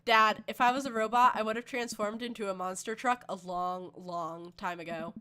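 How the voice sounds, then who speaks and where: A woman voicing a middle-aged dad who gives soft, earnest advice. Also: mid-range voice, fairly even intonation, moderate pace, clean tone, lightly acted. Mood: caring.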